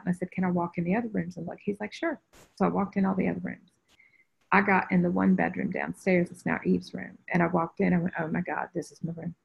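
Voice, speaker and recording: A woman with a lowish, creaky, slightly rough voice tells a personal story as a spiritual teacher on a group video call. An animated storyteller, she acts out the voices she quotes, heard over dull, lo-fi audio.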